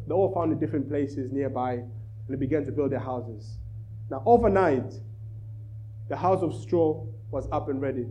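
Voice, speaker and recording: Animated preacher telling a story. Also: male voice, a little high, highs cut off, slight background noise. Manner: animated storyteller, rising in volume. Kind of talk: sermon with storytelling.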